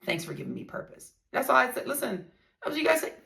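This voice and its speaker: A woman's voice: high voice, big pitch swings, fast, creaky, pushed and bright. A woman talking casually to her viewers, blunt and profane, telling a story with strong emphasis.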